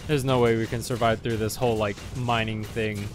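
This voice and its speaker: Profane excitable man gaming. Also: on the low side, a little fast, music in the background. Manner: profane, excitable, yelps at enemies. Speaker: gamer. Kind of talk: let's play commentary.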